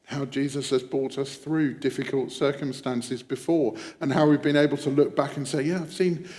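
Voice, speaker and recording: Reflective male preacher, hushed at times. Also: mid-range voice, fairly even intonation, moderate pace, big-room sound. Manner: reflective, dropping to a hush on quoted prayers. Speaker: pastor. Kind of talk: sermon.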